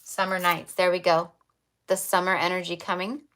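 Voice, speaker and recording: A woman with a somewhat low voice reads tarot cards on a livestream. She talks in a chatty way, full of fillers, and repeats her affirming spiritual phrases. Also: level tone, normal speed, a bit bright. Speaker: tarot reader.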